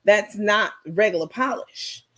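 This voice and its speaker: A woman's voice: medium pitch, measured pace. A woman hosting a livestream, chatting casually and digressing as she gossips and talks straight to her viewers. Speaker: livestream host.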